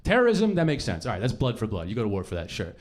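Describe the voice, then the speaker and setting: A young man performing a stand-up set on a club stage, profane and animated, breaking into shouted bits. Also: mid-range voice, racing. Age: young adult. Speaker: stand-up comedian. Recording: noisy live club recording. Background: audience laughter.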